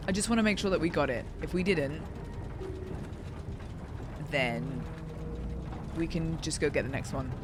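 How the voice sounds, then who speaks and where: Woman gamer, casual play-along commentary, talks her thoughts out loud, self-deprecating. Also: fairly low pitch. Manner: chatty, thinks aloud, self-deprecating. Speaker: gaming streamer.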